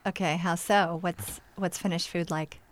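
A woman's voice: fairly low pitch, fairly even intonation, measured pace. A woman radio interviewer who reads scripted narration and asks plain, curious questions.

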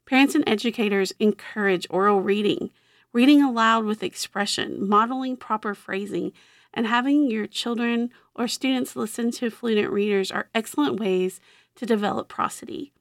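Woman explaining reading skills, slightly gravelly. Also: on the high side, moderate pace, no room sound, clean studio sound. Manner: clear, explanatory, occasional slips. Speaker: literacy educator, segment host. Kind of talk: educational explainer segment.

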